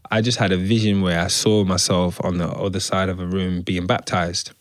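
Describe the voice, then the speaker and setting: A man recounting his life story as a guest, in an animated, slangy storytelling way. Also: deep voice, moderate pace, dry recording, studio quality. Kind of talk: conversational testimony.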